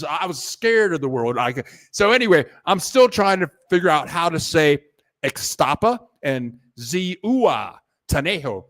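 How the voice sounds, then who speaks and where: A man hosting a casual livestream, rambling in a halting, repetitive way, thanking viewers and restarting his sentences as he chats from his computer at home. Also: fairly high pitch, fairly bright tone. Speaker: livestream host reading viewer donations.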